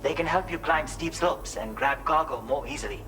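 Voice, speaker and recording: An actor playing a grateful game character with a put-on Indian accent and sentence-end flourishes. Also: male voice, on the high side, moderate pace, sharp tone, soft background music, low-quality recording. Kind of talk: video game dialogue.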